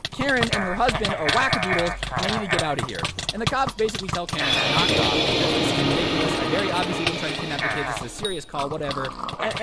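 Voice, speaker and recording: A man's voice: high-pitched, heavy background noise. A young man telling a story over gameplay in an exasperated, sarcastic way, repeating words when worked up. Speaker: gaming video creator. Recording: loud game clicks in background.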